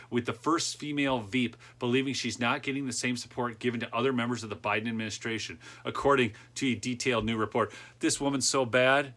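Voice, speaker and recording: A man's voice: mid-range voice, pushed and bright. A man hosting a political podcast, reading news aloud and cutting in with sarcastic asides and laughter. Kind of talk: opinion commentary reading news.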